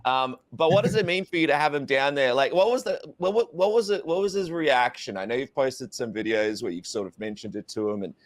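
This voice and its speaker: A man's voice: mid-range voice, a little fast, few pauses. Jokey podcast host, a man. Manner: jokey, banter-heavy. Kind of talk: casual chat.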